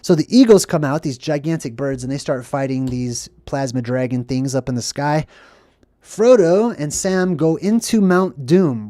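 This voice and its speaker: A livestream host retelling a film to live chat in a casual, upbeat way, often asking 'right?' and slipping into quick acted quotes. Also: medium pitch, mellow, no room sound, studio quality.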